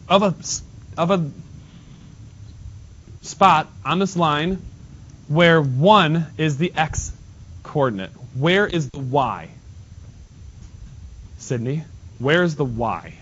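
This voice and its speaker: A male math teacher teaching in a classroom, quizzing students and repeating key points in a brisk way. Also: fairly high pitch, a bit bright, slightly rough. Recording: dull lo-fi classroom recording with noise.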